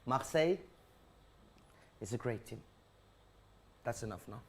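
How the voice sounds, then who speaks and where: A man's voice: mid-range voice, very animated, moderate pace. A man chatting as a guest on a live stream, hesitant and giggly. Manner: hesitant, giggly, non-native phrasing. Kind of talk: casual chat.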